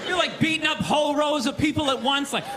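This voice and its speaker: A man with a strikingly high voice rants through a stand-up set and keeps breaking into shouts. He is on a theater stage, with a crowd laughing and reacting loudly around him. The recording carries a steady wash of audience noise. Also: quick pace. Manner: loud, ranting, mocking delivery with shouted bursts. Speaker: stand-up comedian. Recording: live show with crowd noise.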